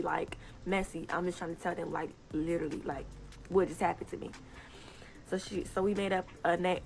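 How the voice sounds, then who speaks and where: Animated young woman telling a story. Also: mid-range voice, creaky. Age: young adult. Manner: animated, indignant, laughs often. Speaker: TikTok storyteller. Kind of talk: casual story time.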